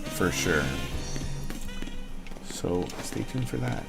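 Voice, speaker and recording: A man's voice: lowish voice, expressive, extremely slow, gravelly, over loud music. A young man hosting a livestream, rambling and joking casually with his chat, swearing freely. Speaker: livestream host.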